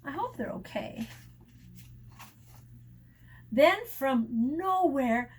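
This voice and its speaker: An animated woman teacher reads a picture book aloud to children and stops to explain words along the way. Her high voice swings widely, and she takes an unhurried pace with a soft, breathy grain. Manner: animated, sound effects and asides.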